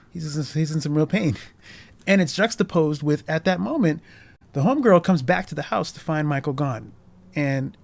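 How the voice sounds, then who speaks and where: A man's voice: a little high, a little mellow. A man casually discussing a short film as host, earnest and emotionally moved, rambling with many restarts and fillers.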